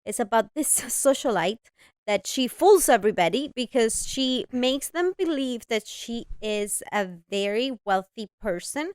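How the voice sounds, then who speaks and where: A woman co-hosting a couples podcast, her voice sitting fairly high with a light foreign accent. She talks expressively and teases freely. The sound is close and dry. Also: a little slow, smooth, no room sound. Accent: Eastern European-sounding Spanish. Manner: expressive, teasing. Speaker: podcast co-host. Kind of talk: casual chat.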